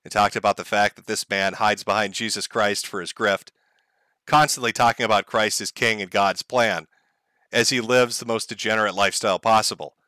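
A man's voice: fairly low pitch, steady tone, brisk, bright, forceful tone, no echo, studio quality. A man hosting a livestream, giving sarcastic, profane, mocking commentary. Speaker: streamer host.

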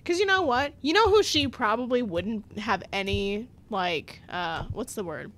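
While playing a story game, a young woman gives casual commentary in a high, fairly bright voice with lively, widely swinging pitch. She takes her time, laughs often, and swears easily when something annoys her.

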